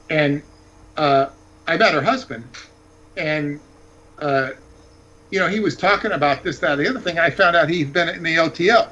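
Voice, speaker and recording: A man's voice: on the high side, normal speed, long pauses, sharp tone, lo-fi sound. A man talking as a guest author, telling rambling, digressive anecdotes in casual chat.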